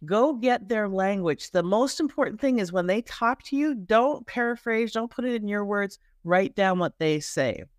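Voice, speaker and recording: A woman's voice: mid-range voice, moderate pace, few pauses, no echo. Canadian woman, emphatic coaching talk, dry sound. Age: middle-aged. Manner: animated and emphatic, with repetitions and restarts. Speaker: guest, marketing coach. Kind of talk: conversational podcast interview.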